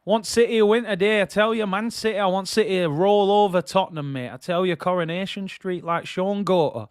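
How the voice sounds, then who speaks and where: Brief: man doing a boisterous Manchester-accented football fan, chanting and exaggerated, raised pitch, crisp dry sound. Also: brisk, dry recording, natural voice. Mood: gleeful.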